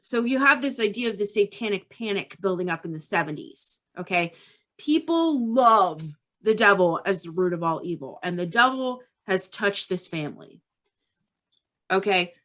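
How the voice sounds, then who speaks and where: A woman's voice: mid-range voice, lively intonation, moderate pace, a bit bright. A woman hosting a podcast, telling a true-crime story casually and tagging her lines with "okay?". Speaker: podcast host.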